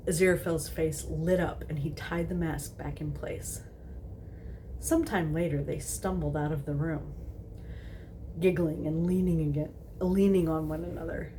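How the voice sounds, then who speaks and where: A woman's voice: low-pitched, fairly even intonation, normal speed, warm tone, a little hiss or hum. A woman casually reading a story aloud, stumbling and repeating words, with giggly asides. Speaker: host reading fan fiction aloud.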